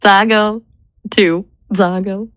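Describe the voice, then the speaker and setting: A woman brainstorming names in casual chat, measured and spelling words out letter by letter. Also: medium pitch, steady tone, a bit bright, no echo. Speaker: brainstorming assistant.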